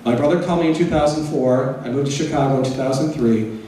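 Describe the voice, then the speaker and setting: Speaking quickly in a dark-toned, medium-pitched voice, a middle-aged man tells personal stories in a lecture, candid and sprinkled with humor. The sound comes from far off in an echoey hall, with a little background noise.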